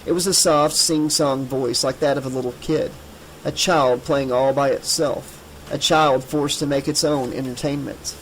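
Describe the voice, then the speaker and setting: A man narrating an audiobook in a measured, steady way. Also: medium pitch, a little hiss or hum, rough recording. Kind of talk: scripted narration.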